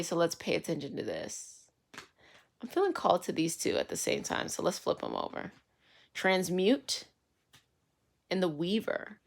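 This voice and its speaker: A woman giving a casual daily tarot reading, chatty and lively with slangy asides. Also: medium pitch. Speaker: tarot reader. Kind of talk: casual spiritual reading to camera.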